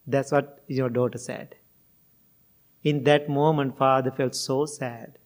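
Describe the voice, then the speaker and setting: Slow, gentle man telling a moral story. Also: mid-range voice, level tone. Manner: simple, non-fluent English, gentle moral storytelling. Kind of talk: storytelling sermon-like talk.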